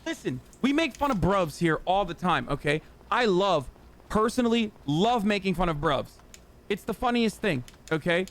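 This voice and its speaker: An American man hosts a livestream, offering sarcastic, heavily profane ranting commentary on a gaming stream. He sounds very animated, with a high, fairly bright voice at a moderate pace.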